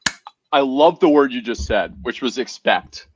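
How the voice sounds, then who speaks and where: A man's voice: medium pitch, animated, normal speed, dull audio, a little hiss or hum. A man, a whiskey brand co-founder, chatting animatedly as a guest in an interview, often restarting and repeating words. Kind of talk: casual conversational interview.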